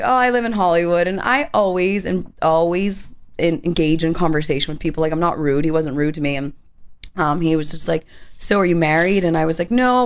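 A woman co-hosting a radio show, telling a story in casual chat and acting out the people she quotes, with frequent laughs. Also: fairly low pitch. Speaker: radio co-host. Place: radio studio. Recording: muffled lo-fi radio broadcast.

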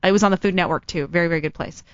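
A woman in casual chat, an entertainer telling a story and acting out the quotes with lively energy. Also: on the low side, rapid-fire, clear, resonant tone, no room sound, muffled recording.

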